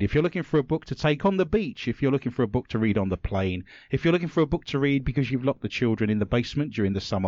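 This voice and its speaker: A man's voice: mid-range voice, darkish tone, no room sound, dull audio. Jokey man hosting a podcast. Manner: playful, jokey, puts on silly accents. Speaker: podcast host. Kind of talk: comedic podcast banter.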